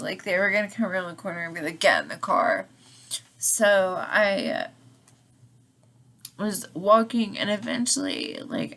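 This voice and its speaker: A young woman telling a rambling personal story in a loose, unscripted way. She fills every pause with "like", swears casually and now and then sinks to a hushed, near-whispered voice. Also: mid-range voice, gravelly. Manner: rambling, lots of "like", swears freely, drops to near-whispers at times. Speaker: channel host telling a story.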